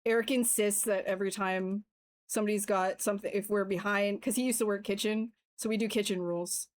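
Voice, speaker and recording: A woman livestreams while sculpting digital art, chatting casually with viewers as she demonstrates the software and offers tips. Her mid-range voice is steady in tone and a little fast, and she jokes around and swears freely.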